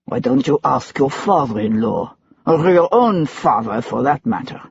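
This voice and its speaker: A man's voice: medium pitch, animated, measured pace, vocal fry, muffled recording, a little hiss or hum, voice pushed down. A narrator doing a curt French diplomat man. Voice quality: dismissive, clipped.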